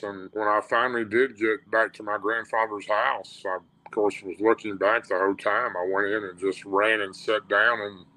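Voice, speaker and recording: Radio guest: man, Tennessee drawl, bright, tense voice, plain-spoken storyteller who restarts his sentences. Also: lowish voice, poor audio. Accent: Southern US, Tennessee. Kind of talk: telling a personal encounter story.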